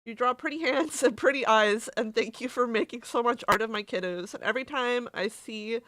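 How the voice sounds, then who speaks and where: A woman's voice: a little high, fairly quick, sharp tone, no echo. A woman streamer chatting casually on a livestream and reading messages aloud, candid and emotional, swearing and laughing easily.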